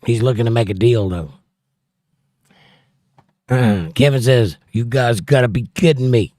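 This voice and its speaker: A man's voice: mid-range voice, measured pace, dark tone, no room sound, studio quality. A man hosting a casual livestream, reading viewer comments aloud and chatting about them. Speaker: livestream host reading chat.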